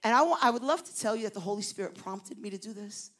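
A woman pastor telling a story in a sermon, animated and rising to loud emphasis. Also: medium pitch, fast.

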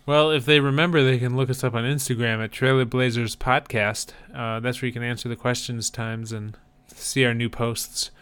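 A man's voice: medium pitch, fairly bright tone, clean tone. A man co-hosting a podcast in casual chat, with dry, wry humor. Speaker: podcast co-host.

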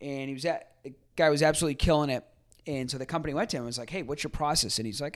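A man's voice: fairly high pitch, very fast. Man hosting a sales podcast. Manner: conversational, many fillers and restarts; acts out quoted people in a livelier voice. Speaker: podcast host. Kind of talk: casual solo commentary.

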